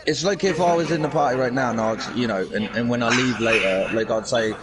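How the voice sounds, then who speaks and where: A man's voice: medium pitch, brisk, a loud crowd. A man chatting casually in a gaming party, laid-back and teasing, often laughing. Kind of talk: casual voice chat.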